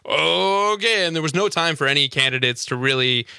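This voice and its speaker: A man's voice: mid-range voice, quick pace, bright, forceful tone, smooth, dry recording, studio quality. A man co-hosting a political radio talk show, explaining at length in a casual way. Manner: explains at length, many fillers and restarts. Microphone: studio microphone.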